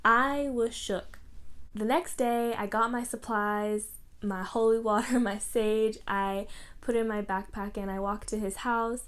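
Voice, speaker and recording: A woman vlogger from Canada telling a personal story in a chatty, animated way, full of "like" and lively quoted dialogue. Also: on the high side, unhurried. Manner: chatty, lots of "like", animated when quoting others. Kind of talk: casual storytelling to camera.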